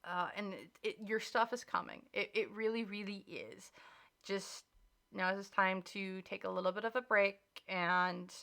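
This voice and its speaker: A woman's voice: mid-range voice, moderate pace, vocal fry, bright, forceful tone. A woman giving a chatty, reassuring tarot reading, full of "like" and earnest encouragement. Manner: chatty, emphatic, reassuring, many filler likes. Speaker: tarot reader. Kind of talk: casual spoken tarot reading.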